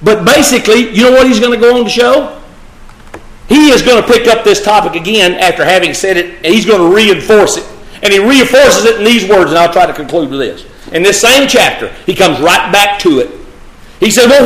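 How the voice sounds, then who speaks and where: Male preacher with a slightly high voice, driving his points home by repetition, echoey church sound. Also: animated, fairly quick, a bit bright. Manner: emphatic, repeats key phrases, addresses the congregation directly. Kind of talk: sermon.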